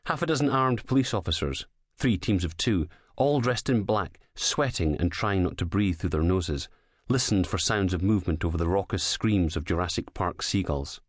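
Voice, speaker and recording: Low-voiced male audiobook narrator. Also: no room sound, clean studio sound. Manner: measured, dramatic storytelling. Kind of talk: scripted narration of a crime thriller.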